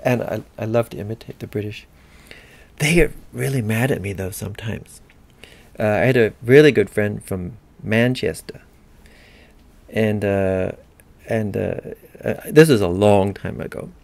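An American man giving a recorded university literature lecture in a digressive, halting way with many fillers. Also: lowish voice, vocal fry, darkish tone, no echo.

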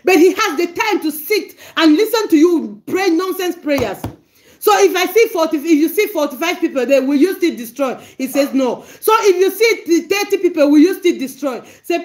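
A woman pastor with a Cameroonian accent, preaching and praying fervently, pleading and often laughing as she prays. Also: high voice. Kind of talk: livestream preaching and prayer.

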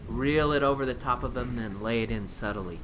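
A man's voice: medium pitch, brisk, background noise. A man giving voice-over narration with plain, instructive fishing tips. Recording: very loud music under the voice.

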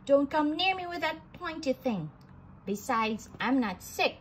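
A woman's voice: a little high, sing-song, a little slow, a little hiss or hum. A woman doing Goofy, a dopey cartoon dog. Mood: silly. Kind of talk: storybook read-aloud.

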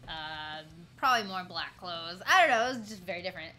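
A woman's voice: on the low side, animated, a little fast, pushed and bright. A woman in her twenties chatting casually with her stream viewers, rambling through stories, laughing often and greeting chat along the way. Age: 20s. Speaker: livestreamer.

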